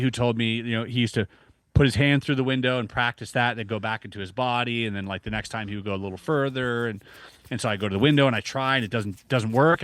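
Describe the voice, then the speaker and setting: A man in his thirties, a podcast guest, telling a personal story in a casual, animated way with many restarts, acting out his own reactions. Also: mid-range voice, dry recording.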